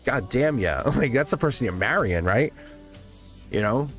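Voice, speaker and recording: A man's voice: medium pitch, lively intonation, moderate pace, a bit bright, faint music behind. A man hosting a live tarot reading, talking casually and encouragingly to his viewers, laughing often and restarting his words. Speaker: tarot reader hosting a livestream.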